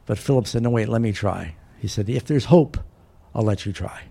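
Gravelly-voiced male preacher telling a story. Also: lowish voice, steady tone, fairly quick, mellow. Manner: storytelling, voicing biblical characters with varied emphasis. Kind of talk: sermon.

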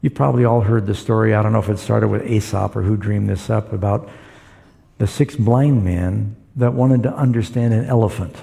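A man's voice: on the low side, fairly even intonation, moderate pace, creaky, warm tone. A man preaching a sermon, retelling scripture stories and acting out the voices in them. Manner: storytelling, acts out quoted voices.

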